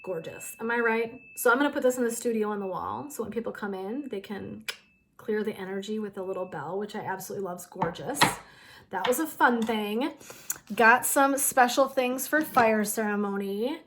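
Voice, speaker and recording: A woman's voice: medium pitch, normal speed, fairly bright tone. A middle-aged woman hosting a wellness channel, chatting casually to her viewers and giggling through a funny story.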